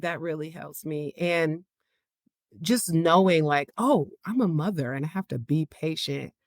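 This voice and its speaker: A chatty woman hosting a podcast, speaking frankly and easily in a fairly low voice. She talks like a psychiatrist sharing her own parenting life, full of "like" and "you know." The close mic gives a dry, roomless sound. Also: no echo. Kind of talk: casual podcast talk on parenting.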